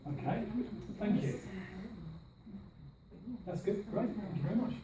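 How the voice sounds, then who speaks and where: A man's voice: sits high, expressive, a little slow. A man teaching a class, modelling phrases with emphatic stress and asking students questions. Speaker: language teacher trainer. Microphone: far camera mic. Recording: roomy classroom from a distance, faint hiss.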